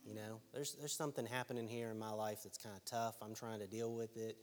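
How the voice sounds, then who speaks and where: A man preaching a sermon in a relaxed, conversational way who keeps checking in with his listeners. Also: fairly low pitch, a little fast, a little hiss or hum. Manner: conversational, keeps asking "right?". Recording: long hall reverb.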